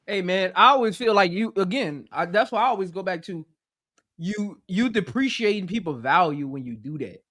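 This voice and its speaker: A man co-hosting a live sports reaction stream, chatting in an animated, slangy way and laughing along. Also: high voice, normal speed. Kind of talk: casual sports debate.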